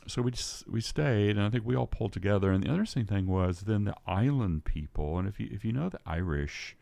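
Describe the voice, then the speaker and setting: A man's voice: lowish voice, animated, a little fast, gravelly, dark tone, dry recording. An older man telling a story as a podcast guest, rambling and restarting his sentences. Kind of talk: storytelling in casual conversation.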